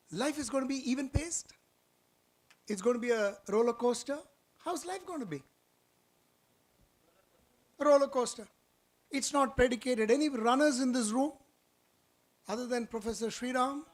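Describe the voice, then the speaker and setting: A man giving a lively motivational orientation talk in an auditorium, quizzing the audience and telling stories. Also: very high-pitched. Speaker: orientation speaker.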